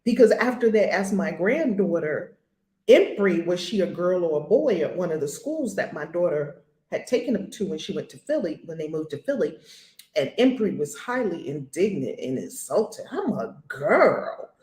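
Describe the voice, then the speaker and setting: Older female spiritual teacher, forthright and emphatic, slightly low voice, roomy recording. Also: animated, moderate pace, mellow. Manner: blunt, emphatic, repeats key phrases. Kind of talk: spoken spiritual lesson.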